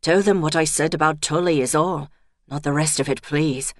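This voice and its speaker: A woman voicing a nervous young male police officer who speaks in a hushed, careful way. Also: fairly high pitch, fairly even intonation, normal speed, dry recording, studio quality, natural voice. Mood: guarded, confiding.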